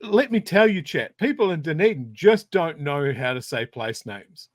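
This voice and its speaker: A New Zealand man chatting casually as a podcast co-host. His voice sits a little high for a man, and the recording is dry and close. He tells his stories with animated turns. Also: normal speed, no echo. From South Canterbury, New Zealand. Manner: conversational, animated storytelling. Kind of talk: casual chat.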